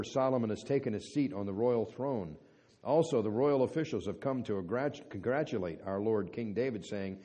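A man with a lowish, mellow voice reads scripture aloud at a steady, measured pace. When he leaves the text to teach the study, his speech turns halting, with plenty of ums and restarts. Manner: measured reading with hesitant fillers when speaking freely. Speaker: Bible teacher. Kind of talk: scripture reading and Bible study.

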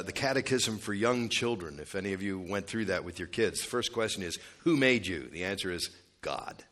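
A fairly low-pitched man delivers an expository sermon from the pulpit. He talks conversationally with small asides and fillers, then presses his key words with sudden rises and falls for emphasis. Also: pushed and bright. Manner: emphatic, rising and dropping for stress. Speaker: pastor.

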